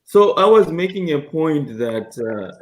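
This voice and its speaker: A man at an ordinary pitch talks very slowly, halting over his words with long filler pauses. Faint noise sits behind his voice. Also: big pitch swings. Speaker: panelist.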